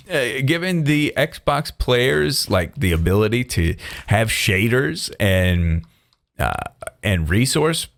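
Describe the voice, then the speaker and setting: Rambling man in laid-back game commentary. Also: fairly low pitch. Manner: rambling, self-interrupting, chuckles often. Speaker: gaming video creator. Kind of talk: casual gameplay commentary.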